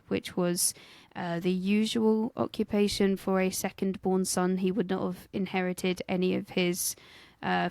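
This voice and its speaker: A woman, a podcast co-host and researcher, tells a history story in a casual, jokey way, swearing freely. Her medium-pitched voice is smooth yet creaky, with no room sound.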